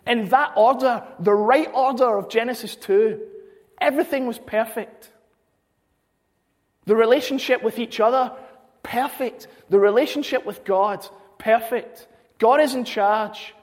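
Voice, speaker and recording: A man's voice: very high voice, a little mellow. A man preaching a sermon, earnest, repeating phrases for emphasis. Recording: long hall reverb.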